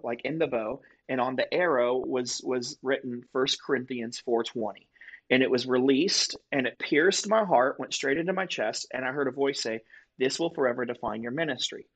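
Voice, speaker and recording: A man's voice: mid-range voice, highs cut off. Earnest man telling a story. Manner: earnest, vivid storytelling with restarts. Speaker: guest telling his testimony. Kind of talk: conversational storytelling.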